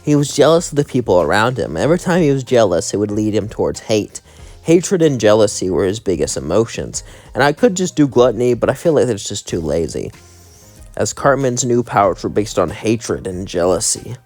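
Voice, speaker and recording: A young man rambles through a fan story with casual asides. His pitch rises and falls a lot, and faint music plays behind him. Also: big pitch swings, fairly quick, darkish tone.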